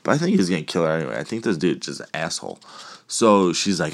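A man with a deep, sing-song voice talks fast on a casual movie recap podcast, with no echo. As host, he chats in a rambling, profane way, tossing in laughing asides.

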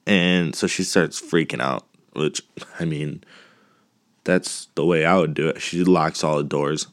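A man's voice: deep voice, normal speed, no room sound, clean studio sound. A man hosting a podcast, chatting casually in a rambling, profane way. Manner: rambling, profane, laughing asides. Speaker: podcast host. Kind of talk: casual movie recap podcast.

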